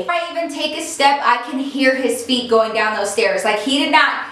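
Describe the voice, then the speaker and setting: A woman's voice: high-pitched, moderate pace, a bit bright. A woman vlogger telling a personal story to camera in a chatty, dramatic way, filling her talk with "like". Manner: chatty, dramatic, peppers speech with "like". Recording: very echoey room, far from mic.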